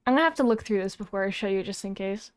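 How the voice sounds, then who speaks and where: A woman's voice: medium pitch, lively intonation, racing, smooth, dry recording. A young woman chatting casually on a livestream, flustered and self-mocking as she sets things up. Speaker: streamer.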